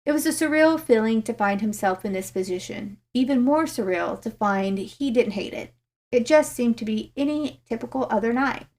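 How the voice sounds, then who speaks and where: A woman's voice: fairly high pitch, expressive, moderate pace, a little mellow. Woman reading a story aloud. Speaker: narrator. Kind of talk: reading fan fiction aloud.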